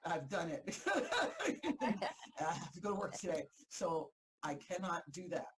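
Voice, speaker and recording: A woman's voice: on the low side, a crowd in the background, low-quality recording. Fired-up woman coaching a group. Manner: energetic, fired-up, emphatic repetition; quick to break into laughter. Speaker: host and motivational coach. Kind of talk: motivational group talk.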